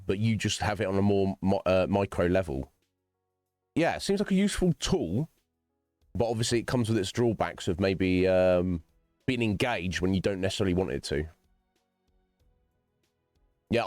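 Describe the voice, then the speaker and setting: A man's voice: fairly low pitch, a little mellow, no room sound. A man streaming, chatting casually to his viewers in a rambling, conversational way with lots of restarts.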